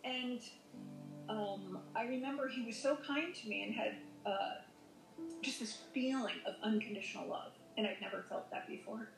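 A woman's voice: fairly high pitch, moderate pace, vocal fry, music in the background. A woman telling a personal near-death story as a podcast guest, rambling with many fillers and self-corrections. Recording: echoey room.

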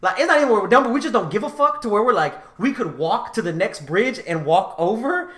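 Animated man telling stories in an echoey room. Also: sits high, brisk. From Houston, Texas. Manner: animated, profane storytelling, laughing often. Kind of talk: casual storytelling chat.

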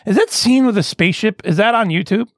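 Male podcast host, excitable, bouncy high delivery, recorded dry. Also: fast talker, dry recording. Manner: excitable, laughs often, restarts sentences. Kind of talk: casual comedy podcast chat.

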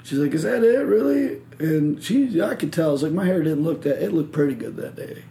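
A man's voice: fairly high pitch, fast talker, warm tone. A man from Michigan hosting a podcast, telling a rambling story full of swearing and acted-out quotes. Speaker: podcast host. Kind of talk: casual chat.

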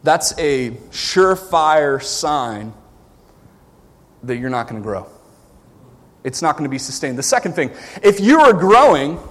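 A man from the American South with a Southern accent, preaching a sermon as pastor, swinging between loud exhortation and quiet asides. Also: on the high side, long reverb tail.

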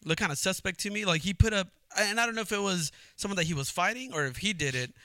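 A man's voice: high voice, lively intonation, fast talker, sharp tone, no echo. A man co-hosting a podcast, talking in a laid-back, slangy way with lots of fillers. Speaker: podcast co-host. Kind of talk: casual chat.

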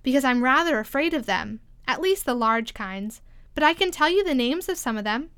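A woman's voice: sits high, expressive, moderate pace, a bit bright, clear, resonant tone. Woman voicing a curious, earnest young girl. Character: young girl, curious, polite but impatient.

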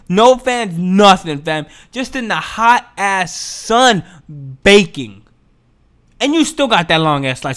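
Guy going off in a profane rant, high voice that jumps all over. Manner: profane, animated, exasperated ranting with slang. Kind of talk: casual ranting monologue.

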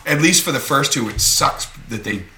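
A man in a casual chat who swears freely and gets excited retelling movie scenes. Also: mid-range voice, moderate pace. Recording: echoey room with faint noise.

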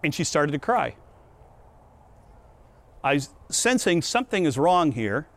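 A man preaching a sermon, telling a personal story in an earnest, emphatic, lively way. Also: a little high, unhurried.

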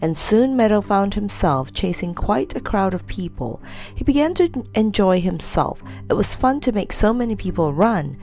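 Gravelly woman reading a children's story. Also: medium pitch, normal speed. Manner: lively, expressive storybook reading.

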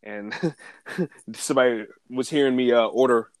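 A man's voice: medium pitch, moderate pace, no echo. A man from Brooklyn with a New York accent, co-hosting a podcast and giving blunt, streetwise opinions in casual chat. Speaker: podcast co-host.

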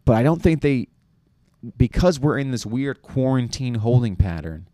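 A man's voice: medium pitch, sing-song, moderate pace, warm tone, dry recording. A young man from New York, rambling through a casual comedic monologue with lots of fillers and restarts. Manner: rambling, self-deprecating, many fillers and restarts.

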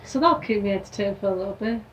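A woman's voice: medium pitch, fast, highs cut off. A woman co-hosting a casual podcast, making playful, joking asides. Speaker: podcast co-host. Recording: distant echoey mic under loud hiss.

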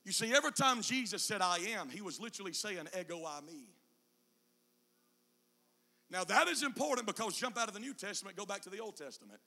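A man preaching a sermon, moving between quiet low teaching passages and shouted, sung climaxes with an "uh" before each phrase. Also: big pitch swings, brisk. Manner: whooping preacher cadence, "uh" between chanted phrases.

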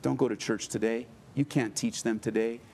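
A man voicing God speaking quietly from heaven during a sermon illustration. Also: steady tone, moderate pace, vocal fry, a little hiss or hum, close to an everyday voice. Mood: hushed. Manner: low, hushed, reassuring. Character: God speaking gently from heaven, calm male.

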